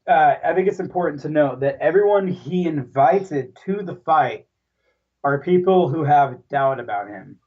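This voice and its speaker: A man's voice: on the high side, animated, unhurried, slightly rough. A man co-hosting a casual movie podcast, rambling and restarting as he recalls scenes. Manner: rambling, restarts, laughs along. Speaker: podcast co-host. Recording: dull distant mic.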